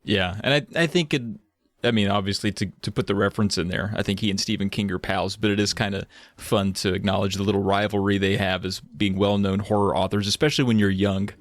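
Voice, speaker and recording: A man's voice: on the low side, steady tone, fast talker, dry recording. A man in his forties, a podcast guest reflecting casually on a movie. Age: 40s. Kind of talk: casual chat.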